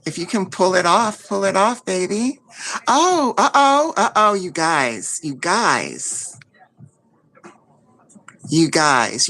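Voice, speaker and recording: A woman's voice: mid-range voice, big pitch swings, slow, fairly bright tone. A woman hosting a casual livestream chat, gushing and effusive, often repeating herself. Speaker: livestream host.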